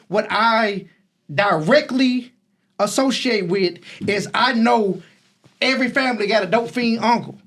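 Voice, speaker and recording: A man's voice: extremely high pitch, fairly bright tone. A man, co-hosting a casual podcast debate. He rambles, restarts sentences and stacks repeated words as he builds his point. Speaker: podcast co-host.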